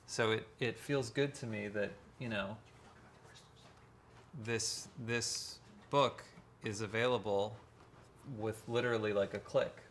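A man talking as a guest in a live chat, measured and probing, asking follow-up questions. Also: on the low side, steady tone, a little hiss or hum. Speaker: guest, empath and author. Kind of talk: conversational interview.

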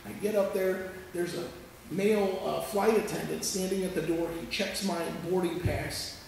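A pastor telling a story in his sermon, animated and conversational, often checking that listeners follow. His voice sits high and carries a gravelly edge. It rings through a large echoey sanctuary and is picked up from well away from the mic. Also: normal speed, slight background noise. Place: church sanctuary. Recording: echoey church hall from far off.

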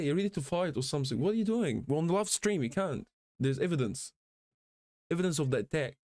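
Excitable man streaming live. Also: a little high, fast talker, no echo. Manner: excitable, chatty, laughs often. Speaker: gaming streamer. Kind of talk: casual live-stream chat.

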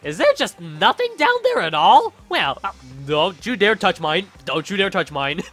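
A man's voice: high-pitched, big pitch swings, moderate pace, a bit bright, faint music behind. A man voicing a cruel, gleeful bear mascot headmaster in a video game, with a sing-song, taunting manner. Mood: mocking.

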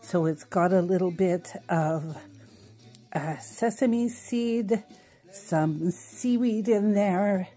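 A woman's voice: mid-range voice, slow pace, mellow, faint music behind. A middle-aged woman hosting a home cooking show, chatting casually with fillers and little laughs as she cooks.

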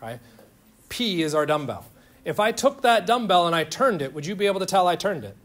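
A man's voice: high-pitched, expressive, a little fast. A man lecturing a chemistry class in an informal, joking way, firing questions at his students. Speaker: chemistry instructor.

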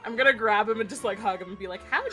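A woman's voice: mid-range voice, rapid-fire, bright, forceful tone, faint music behind. A woman playing a tabletop game, casual, giggly and teasing. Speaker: player.

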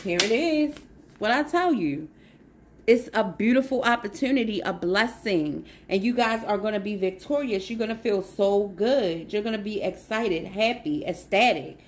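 A woman's voice: mid-range voice, animated, moderate pace. A woman with a mid-range voice gives a casual spiritual tarot reading. She sounds effusive and encouraging, and she often repeats a phrase to drive it home. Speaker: tarot reader.

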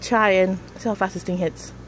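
A woman's voice: mid-range voice, fairly even intonation, normal speed, slight background noise. A woman in a casual home vlog, chatting straight to her viewers through a handheld camera. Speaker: vlogger.

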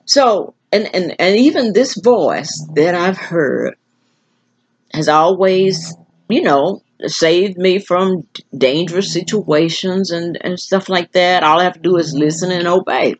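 An older woman from the American South talks slowly and thoughtfully, circling back on her words with restarts and fillers. Her voice is husky and a little low. The recording sounds dull and lo-fi, like a home video. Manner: slow, musing, with many restarts and filler words. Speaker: vlogger. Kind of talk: rambling casual monologue.

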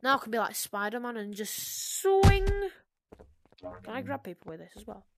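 A young woman giving chatty, excitable commentary while playing a VR game, swinging from muttering to sudden shrieks. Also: a little high, moderate pace. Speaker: gaming video creator. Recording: noisy gameplay recording.

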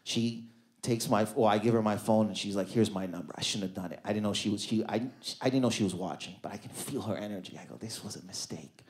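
A man's voice: on the low side, quick pace. A man with a Canadian accent performing stand-up on a comedy club stage, telling stories and acting out the voices of the people in them. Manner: animated storytelling, acting out voices.

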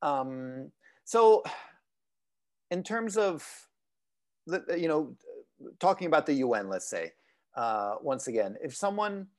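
A man's voice: on the high side, sing-song, slow pace, pauses often. A man from the Italian-speaking part of Switzerland hosting an interview, rephrasing his questions several times as he goes. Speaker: interviewer host. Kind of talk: conversational interview.

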